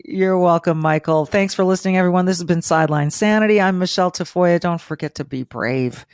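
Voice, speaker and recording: A woman's voice: on the low side, a little fast, darkish tone, clean tone. A middle-aged woman hosting a podcast interview, emotional and rambling, with many restarts. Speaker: podcast host.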